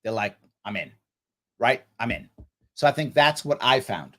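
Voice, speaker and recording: A man's voice: medium pitch, animated, moderate pace, fairly bright tone. A man hosting a casual livestream Q&A, telling stories animatedly and acting out other people's voices. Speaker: livestream host answering viewer questions.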